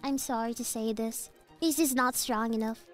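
Streaming a game, a young-sounding woman with a high voice chats casually at a moderate pace in a steady tone. She rambles playfully from topic to topic, breaking into frustrated outbursts. Faint game music plays beneath her voice.

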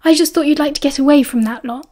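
A woman with a British accent voicing a caring teenage schoolboy who talks gently and coaxingly in an audiobook. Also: sits high, fast, close to an everyday voice. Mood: concerned.

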